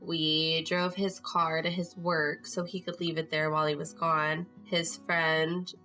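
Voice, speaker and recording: Young Midwestern woman host, chatty storyteller, lowish voice, soft music under her. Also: level tone, measured pace. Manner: chatty, lots of "like", emotional. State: tearful at moments. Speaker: podcast host. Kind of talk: casual personal storytelling.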